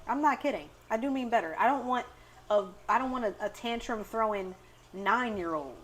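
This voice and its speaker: Bright, animated woman podcast co-host. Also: a little high, moderate pace, slight background noise. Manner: animated storyteller who acts out quotes. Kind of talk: casual chat.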